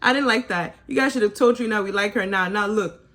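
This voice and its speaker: A woman's voice: medium pitch, fairly quick, fairly bright tone. A woman recapping a reality show in a casual, opinionated way, teasing and laughing often and mimicking people in sarcastic asides. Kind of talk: casual episode review.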